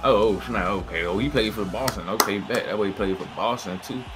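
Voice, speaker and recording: A man's voice: fairly low pitch, brisk, noisy background. A man hosting a reaction video, talking in loose slangy chatter and often asking if you feel him. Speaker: reaction channel host. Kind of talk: casual reaction commentary. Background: music playing.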